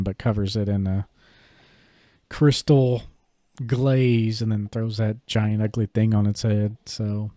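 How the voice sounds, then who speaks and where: A man with a mellow, somewhat low voice talks casually on a podcast, rambling through his thoughts with plenty of fillers. The sound is dry and close, with no room around it. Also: no echo. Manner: relaxed, rambling, many fillers and hedges. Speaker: podcast co-host. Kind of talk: casual chat about collectible cards.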